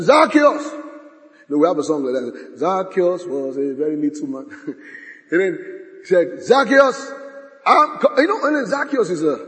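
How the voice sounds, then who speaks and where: Male preacher, high voice, lively delivery, dramatic, hall reverb. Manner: dramatic, swings from shouting to hushed, acts out quotes. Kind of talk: sermon.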